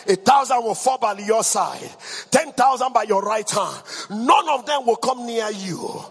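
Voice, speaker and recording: A man preaching a fiery sermon, shouting and chanting repeated declarations and prayers. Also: extremely high pitch, lively intonation, normal speed, slightly rough, big-room sound.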